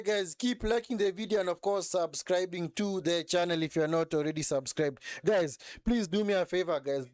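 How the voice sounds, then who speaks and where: A man's voice: on the high side, no room sound. A man hosting a live football watch-along, reacting to the match and asking viewers to subscribe. He repeats himself and keeps saying "man". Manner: animated, repeats phrases, says "man" often.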